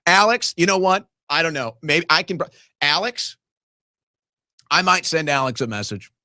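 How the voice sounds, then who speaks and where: High-pitched, bright-voiced ranting male commentator. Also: normal speed, no echo, studio quality. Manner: ranting, indignant, addresses audience as folks. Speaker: political show host. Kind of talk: angry live political commentary.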